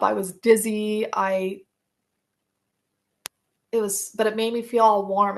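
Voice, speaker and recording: A woman's voice: mid-range voice, creaky, fairly bright tone. A woman, a podcast guest, telling personal stories in a casual, rambling way, full of fillers and restarts.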